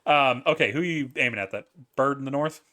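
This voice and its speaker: A man running a tabletop game as game master, casual and quick to laugh and swear. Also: medium pitch, sharp tone.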